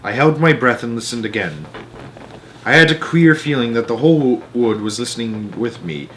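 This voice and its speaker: Man, storyteller, children's book reading, slow hushed delivery, medium pitch. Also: lively intonation, a little hiss or hum.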